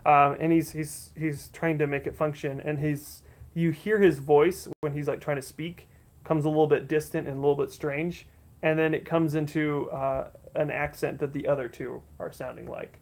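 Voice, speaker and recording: A man running a tabletop role-playing session, describing the scene in a rambling, restart-heavy way. His voice is gravelly with fry and sits somewhat high for a man. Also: flat delivery, normal speed. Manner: rambling, many fillers and restarts. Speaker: game master. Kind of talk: narrating a tabletop game livestream.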